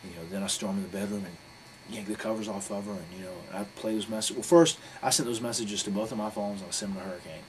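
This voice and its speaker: Man, interview guest, quick delivery, lowish voice, blunt and profane, rambling, noisy background. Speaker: interview guest, pro wrestler. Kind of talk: candid shoot interview storytelling. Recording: steady background noise.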